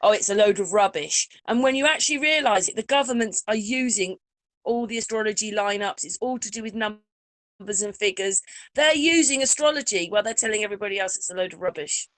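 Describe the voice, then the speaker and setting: A woman chatting casually as a host, animated, acting out quotes as she goes. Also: medium pitch, fairly quick, no room sound. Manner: animated, acts out quoted voices. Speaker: channel host. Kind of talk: casual conversation.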